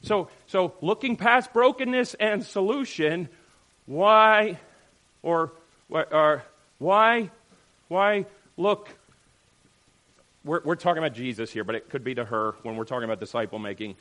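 A man preaching a sermon, animated, firing off rhetorical questions and checking in with "right?". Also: fairly high pitch. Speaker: pastor.

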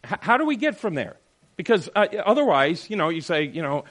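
A man leading a Bible study group, teaching in an animated, questioning way and acting out quotes. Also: a little high, a little fast.

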